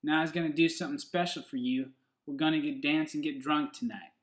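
A man's voice: fairly high pitch, fast talker, roomy sound, lightly acted. A man voicing a country husband who recites a love poem to his wife, in a put-on Southern accent with a homespun drawl. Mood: folksy, affectionate.

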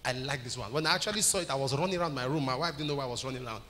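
A man's voice: medium pitch, racing, fairly bright tone. A man preaching a sermon as a pastor, urging the congregation to repeat his words after him. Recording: long hall reverb with faint ambient noise.

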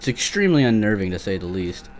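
A man's voice: lowish voice, sing-song, quick pace, slight background noise. A young man giving nervous, swearing commentary while playing a creepy shooter game, often talking back to the monsters. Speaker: gameplay commentator. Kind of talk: let's play commentary.

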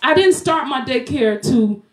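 A woman's voice: high-pitched, lively intonation, measured pace. A woman preaching a Mother's Day sermon in a home church, fervent, sometimes singing and laughing as she talks. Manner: fervent, breaks into song, laughs while preaching. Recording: echoey room.

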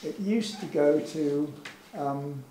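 A man with a somewhat high voice gives an informal talk over slides at a gallery event, hesitating often and chuckling wryly at his own stories. The room is echoey, with a faint hum underneath. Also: takes it slowly, dark tone. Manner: hesitant, many fillers, wry and chuckling. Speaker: invited speaker.

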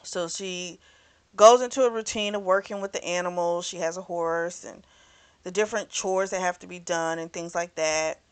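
A woman's voice: on the low side, fairly even intonation, normal speed, clean tone. Chatty woman recapping a novel. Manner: chatty storytelling, acting out the characters' lines with "she's like"; swears freely. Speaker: book club host. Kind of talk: casual plot recap of a novel.

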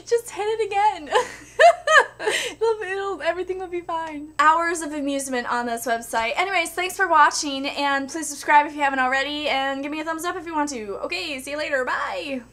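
A woman's voice: sits high, fairly quick, sharp tone. A woman vlogger giving comedic commentary with a sarcastic, mock-serious delivery and frequent laughs. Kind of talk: comedic vlog.

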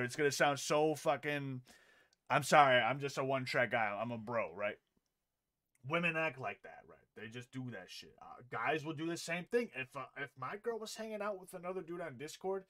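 A man's voice: on the high side, fairly bright tone. A young man reacting to clips, profane and incredulous, laughing in disbelief as he rants. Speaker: commentary streamer. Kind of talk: reaction commentary.

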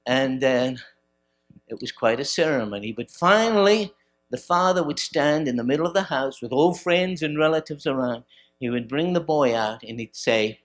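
A man's voice: medium pitch, lively intonation, normal speed. Emphatic preaching man. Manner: emphatic preaching with rising bursts and quiet stretches. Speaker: pastor. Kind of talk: sermon. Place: church service.

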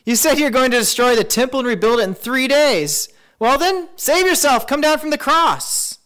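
A jeering mob of passersby, as a preacher acts them out, shouting their scorn. The voice is pushed high and strained with mockery. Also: male voice, sing-song, moderate pace, exaggerated voice. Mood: mocking.

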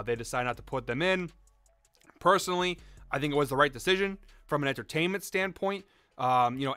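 A man's voice: medium pitch, bright, forceful tone, no room sound. A young man hosting a sports betting show, talking in a hyped, salesy way about his picks. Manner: hyped, rapid, salesy delivery. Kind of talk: energetic betting picks talk.

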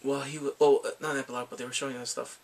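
A man recapping a drama in casual chat, excitable, often laughing and sighing as he acts out the characters' lines. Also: mid-range voice, racing. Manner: excitable, quotes characters in lively voices, laughs and sighs often. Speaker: drama reviewer.

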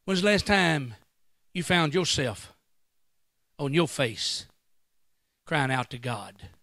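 Male guest preacher, high bright voice, dry close sound, slow dramatic delivery. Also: animated, dry recording. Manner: preaching with sudden loud bursts and acted quotes. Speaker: guest pastor. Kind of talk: sermon. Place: church.

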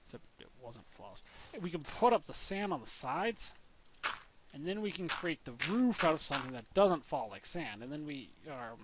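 A man's voice: on the high side, very animated, moderate pace. Goofy rambling young man gaming. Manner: rambling, goofy, talks to himself and the viewers. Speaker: let's play gamer. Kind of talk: casual gameplay commentary. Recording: noisy home mic recording.

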